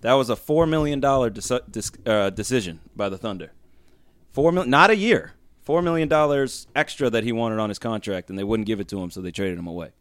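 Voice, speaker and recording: A man co-hosting a sports podcast, chatty and quick, often chuckling. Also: mid-range voice, fairly bright tone, dry recording. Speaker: podcast co-host. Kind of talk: casual sports chat.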